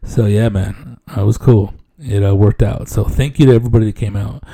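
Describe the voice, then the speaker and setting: A man's voice: on the low side, steady tone, a little fast, creaky, dark tone. A middle-aged man hosting a comedy podcast, rambling casually in slang and profanity and laughing often.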